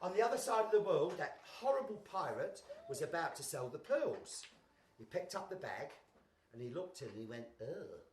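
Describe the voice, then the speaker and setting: Lively woman telling a story to kids in an echoey hall. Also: low voice, normal speed. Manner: animated, sound effects, asks the audience to join in. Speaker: children's entertainer. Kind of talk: live storytelling for young children. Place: large hall with a live audience. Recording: echoey hall, far mic, crowd noise.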